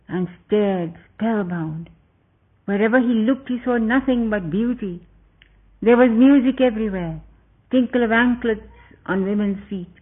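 A man with a high voice narrates a story, reading steadily and descriptively with occasional slips. The recording sounds tinny, like it came through a phone.

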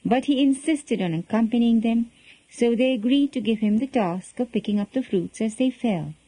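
A woman reads a children's story aloud, gentle and expressive. Her voice is warm and mellow, pitched a little high, and the recording is dry and close. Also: normal speed, husky, dry recording, rough recording.

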